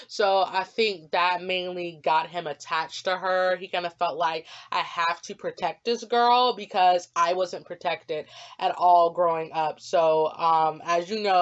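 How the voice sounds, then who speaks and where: A young woman casually talking about her original character in a vlog, rambling with lots of ums. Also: lowish voice. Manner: rambling, many ums, gets emotional. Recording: dull lo-fi audio with faint music.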